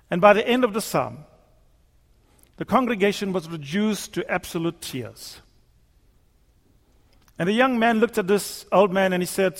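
A male preacher delivering a sermon in a church, using rhetorical repetition and emphatic pauses. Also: high-pitched. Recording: long hall reverb.

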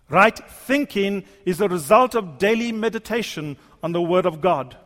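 A male preacher delivering a sermon in a church, using rhetorical repetition and emphatic pauses. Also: high voice, animated, a bit bright. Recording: long hall reverb.

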